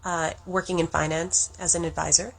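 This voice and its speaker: A woman's voice: deep voice, little pitch movement, normal speed, vocal fry, poor audio. A woman from Canada, a former financial advisor, telling a story in earnest detail. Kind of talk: casual storytelling clip.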